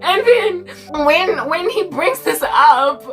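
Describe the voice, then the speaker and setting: A South African woman in her forties telling a school story in a casual, animated, slangy way, laughing often. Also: very high-pitched, slow, far from the mic, faint music behind. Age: 40s. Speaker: Christian content creator.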